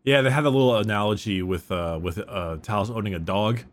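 A man co-hosting a casual book discussion podcast, summing up the plot with fillers and quick quoted asides. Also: fairly low pitch. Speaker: podcast co-host.

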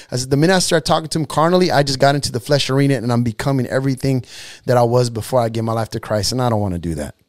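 A man's voice: medium pitch, no room sound, studio quality. A man preaching a sermon, impassioned and street-casual, repeating lines for emphasis.

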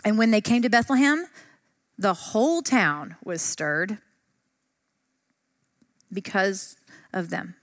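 A woman's voice: mid-range voice, takes it slowly, long pauses. A woman teaching a Bible study lesson in a chatty, enthusiastic way. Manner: enthusiastic, chatty, uses fillers.

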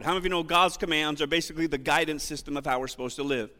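A man preaches in a high, bright voice that rises and swells when he reads scripture. He asks his listeners questions as he goes. His voice rings out with the long reverb of a church hall. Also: very fast, hardly any pauses. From United States. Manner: animated preaching, rising loud on scripture readings, asks the congregation questions. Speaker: pastor. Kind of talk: sermon.

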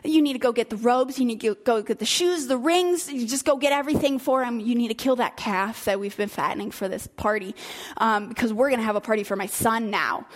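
A woman voicing an overjoyed father who excitedly orders his servants around. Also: fairly high pitch, brisk, natural voice. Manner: excited, commanding, talking over servants. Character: overjoyed father welcoming his son home.

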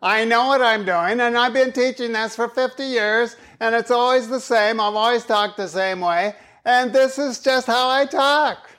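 A man's voice: extremely high pitch, normal speed, few pauses, fairly bright tone, pitched above the performer's own voice. A man voicing a nasal, self-satisfied old male professor who drones on. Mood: smug. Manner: smug, droning.

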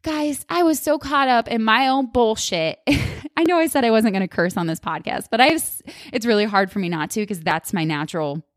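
A woman with a fairly high voice speaks at a normal pace in clean, echo-free studio audio. Hosting a casual solo podcast, she talks candidly and expressively to her listeners, acts out her own past thoughts, calls them "you guys," and curses casually.

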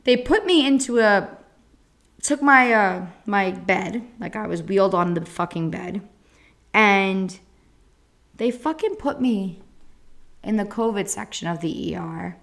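A young podcast host tells a personal story bluntly and casually, swearing a lot and retelling it with animation. Her mid-range voice is gravelly and a little slow, with frequent pauses.

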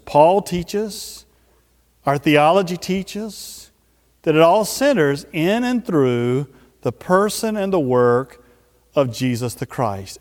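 A man preaching a sermon as pastor, emphatic, with slow drawn-out stresses. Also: fairly high pitch, long reverb tail.

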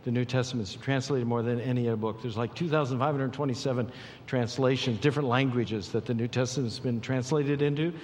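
A man preaching a sermon as pastor, swinging between hushed, slow lines and loud, excited bursts. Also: mid-range voice, a little hiss or hum. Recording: long hall reverb.

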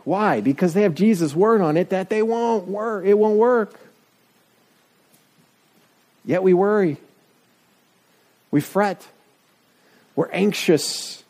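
A middle-aged man delivers a sermon in a relaxed, conversational manner. His voice sits a little high yet sounds mellow and soft-edged. He pokes fun at himself as he talks. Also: slow, long pauses. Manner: conversational, self-deprecating, lively shifts of pitch. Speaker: pastor.

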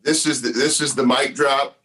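Podcast host, man, sincere and grateful, mid-pitched. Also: steady tone, normal speed, sharp tone, poor audio. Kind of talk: interview wrap-up.

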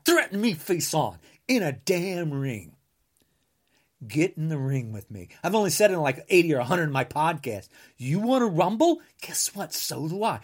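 A high-pitched American man rants angrily about politics on his podcast. He's combative, keeps repeating insults, and occasionally bursts into shouting.

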